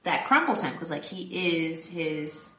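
Low-pitched, animated, and unhurried, this podcast co-host has a bright, forceful tone. She chats through a film recap, laughing a lot and acting out characters' lines in voices. The mic is distant and the sound roomy.

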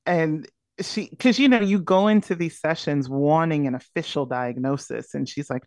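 A woman's voice: low voice, normal speed, darkish tone, dry recording, studio quality. A woman speaking as a podcast guest, candidly and reflectively telling a personal story. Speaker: podcast guest, burnout coach.

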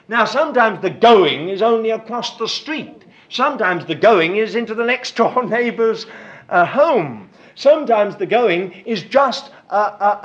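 A man's voice: high voice, a bit bright. A man preaching a sermon, emphatic and fond of repeating words for stress. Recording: dull lo-fi recording.

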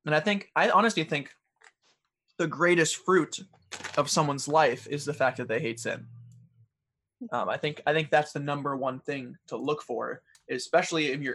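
A man's voice: mid-range voice, a bit bright. A young man co-hosting a podcast in casual chat, talking earnestly and acting out quoted people in his examples. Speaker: podcast co-host.

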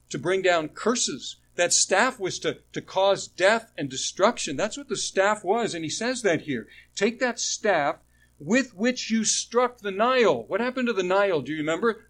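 Man preaching a relaxed conversational sermon. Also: high-pitched, moderate pace. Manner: conversational, rhetorical questions, frequent restarts. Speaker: pastor.

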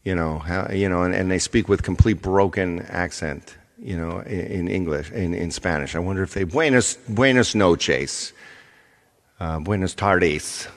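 Male host, very low and gravelly, loose rambling chat. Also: steady tone, normal speed, hardly any pauses. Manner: rambling, full of fillers and restarts, chuckling. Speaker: show host. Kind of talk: rambling casual monologue.

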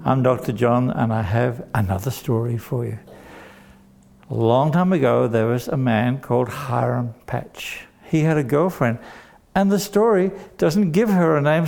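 Man, children's storyteller, unhurried, gravelly, fairly high voice. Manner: animated, playful, asks the children questions.

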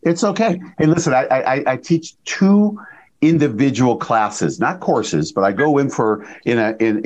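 Man in his sixties telling stories. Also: lowish voice. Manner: storytelling, frequent tag questions. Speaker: podcast host and chiropractor. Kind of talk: casual interview chat.

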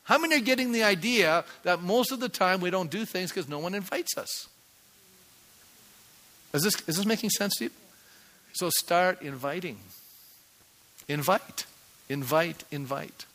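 A man's voice: sits high, animated, moderate pace, pauses often, sharp tone. A man in his sixties, a pastor giving a conversational sermon and asking the congregation rhetorical questions. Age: 60s.

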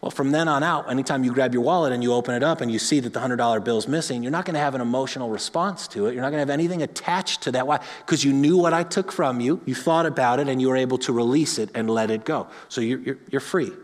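A man preaching a sermon in a church hall, his voice ringing out with a long reverb tail. He tells stories with animated energy, building to emphatic highs and then falling quiet and soft. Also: fast, hardly any pauses. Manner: animated storytelling, rising to emphatic peaks then dropping soft. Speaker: pastor. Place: church sanctuary.

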